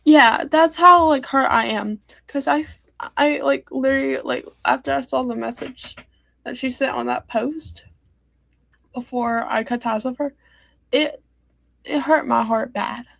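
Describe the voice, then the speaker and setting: A woman's voice: high-pitched, a little slow, gravelly, fairly bright tone, dry recording. A teenage girl streaming, talking in a hurt, rambling way with many fillers and restarts. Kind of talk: upset personal livestream talk.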